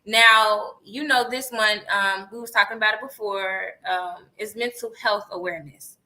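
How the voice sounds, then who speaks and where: A woman's voice: medium pitch, steady tone, normal speed, pushed and bright, rough recording. A woman hosting a podcast, chatty and hyped, swearing casually. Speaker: podcast host.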